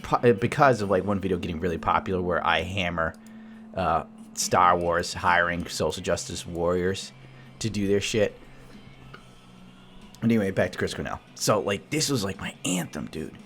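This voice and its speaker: A man's voice: low voice, normal speed, a bit bright. Male podcast host, foul-mouthed solo rant, loose and jokey, faint music behind. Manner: crude, profane, jokey and rambling. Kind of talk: rambling solo podcast monologue.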